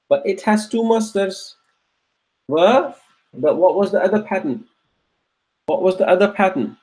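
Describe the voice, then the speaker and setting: A man with a somewhat high voice leads an Arabic grammar class while writing on a board. He drills each word slowly and repeats it several times. He keeps checking in with his students to see that they are following. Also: big pitch swings, a little mellow. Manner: patient, drills words by repeating them slowly. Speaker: Arabic teacher.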